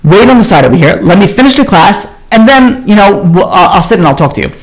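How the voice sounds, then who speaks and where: A man's voice: sits high, sing-song, fast, voice pushed up, rough recording. A man voicing an older white-bearded rabbi teacher, who explains emphatically with many restarts, within a told story. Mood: kindly.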